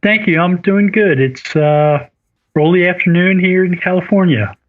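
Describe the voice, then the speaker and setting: A high-voiced man joins as a podcast guest, speaking casually. His voice comes through a thin, tinny phone line. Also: moderate pace. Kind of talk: casual interview talk.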